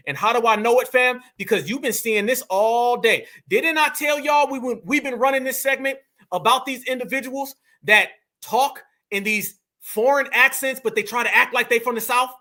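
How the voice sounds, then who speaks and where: A man's voice: high-pitched, sharp tone. A man hosting a reaction commentary show, talking in a heated, confrontational, preachy way and calling his listeners "fam".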